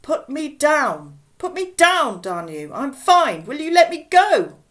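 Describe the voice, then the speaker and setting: A woman reading aloud voices a cranky old woman in a wheelchair, shouting and scolding shrilly. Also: high voice, big pitch swings, slow pace, voice pushed up, exaggerated voice. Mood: furious.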